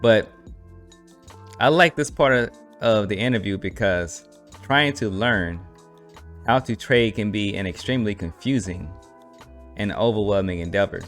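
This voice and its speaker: A man hosting an online talk episode, explaining in a relaxed, conversational way and often asking "right?". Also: on the low side, a little slow, pauses often, soft background music. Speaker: host. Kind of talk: casual explanatory talk to camera.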